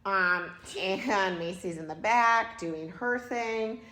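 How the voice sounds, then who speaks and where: A young woman who works as a hairstylist and co-hosts a podcast, chatting in a relaxed, wry way. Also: medium pitch, takes it slowly. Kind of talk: casual chat. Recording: roomy echo.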